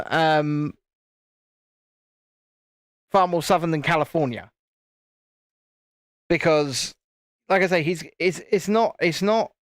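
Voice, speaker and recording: A British man chats casually as he hosts a live stream, his talk meandering with many restarts. His voice sits a little higher than most men's, and the sound is dry and close. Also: no room sound. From United Kingdom. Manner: rambling, chatty, frequent restarts. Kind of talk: casual live-stream chat while building.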